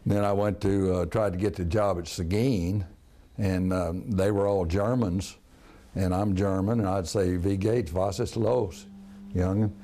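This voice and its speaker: An older man, a retired basketball coach reminiscing in a folksy, casual interview with many pauses and restarts. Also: deep voice, steady tone, mellow. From Texas. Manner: folksy storyteller, frequent "uh" and restarts.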